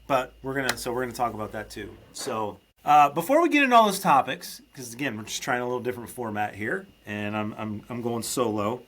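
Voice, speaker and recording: A man's voice: on the high side, fairly bright tone. A man hosting a solo podcast, talking in a rambling, chatty way with lots of restarts and a grumpy, joking edge when he rants. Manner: chatty, rambling, frequent restarts and self-interruptions; grumpy humorous ranting. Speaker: podcast host.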